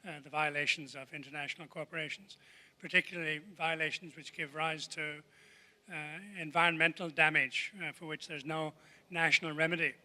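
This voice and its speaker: A man making a measured, hesitant comment from the audience at a conference. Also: fairly high pitch, level tone, bright, forceful tone, long reverb tail. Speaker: audience member, court lawyer. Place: large conference hall.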